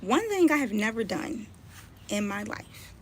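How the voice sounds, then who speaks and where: A woman's voice: on the high side, sing-song, measured pace, a little hiss or hum. A woman blogger and mother ranting on a live stream, scolding and confronting someone she is talking about. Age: adult, mother.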